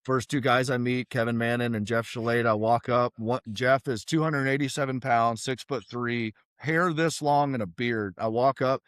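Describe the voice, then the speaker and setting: Middle-aged man, podcast guest, lively storyteller who voices the people he quotes, mid-pitched, dry mic. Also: normal speed, hardly any pauses, no room sound. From South Carolina, USA. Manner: animated, acts out quoted voices. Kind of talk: casual storytelling.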